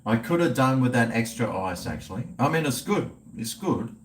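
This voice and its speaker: A man's voice: medium pitch, very animated, normal speed, slight background noise. A middle-aged man with an Australian accent, chatting casually and profanely with livestream viewers while drinking. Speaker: livestream host.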